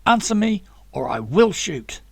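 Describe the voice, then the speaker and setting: A man's voice: high voice, very animated, unhurried, gravelly, slightly rough, no room sound, pitched above the performer's own voice, full character voice. A man voicing a determined young man who speaks firmly and threateningly. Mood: menacing. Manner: firm, commanding.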